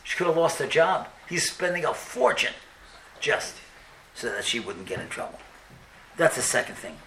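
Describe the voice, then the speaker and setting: A man giving a storytelling sermon, animated and acting out the dialogue. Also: medium pitch, normal speed, a little hiss or hum. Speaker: speaker. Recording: echoey room, mic at a distance.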